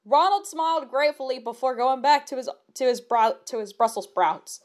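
A woman's voice: high-pitched, lively intonation, moderate pace, few pauses, a little mellow. A woman reading fan fiction aloud with comic commentary; she laughs often and stumbles over words.

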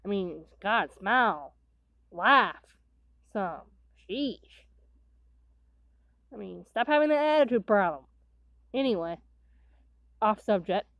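Rambling woman with a lively voice. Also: medium pitch, takes it slowly, long pauses, no room sound, highs cut off. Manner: rambling, chatty, full of fillers. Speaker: video reaction host. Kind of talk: casual reaction commentary.

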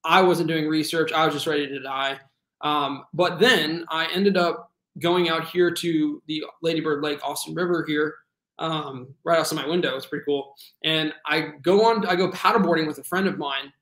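A man in his twenties, a guest telling his story in a casual, earnest way, full of fillers and animated retelling. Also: on the high side, normal speed, roomy sound. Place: home room.

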